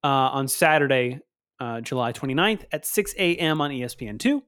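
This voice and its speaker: A man's voice: mid-range voice, expressive, brisk, a bit bright, clean tone. A man co-hosting a podcast in casual chat, playful and laughing, stumbling over hard names. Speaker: podcast co-host.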